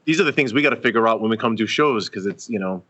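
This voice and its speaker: Man, comedian, casual chat, very fast, bright tone. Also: on the low side, breathy edge, muffled recording.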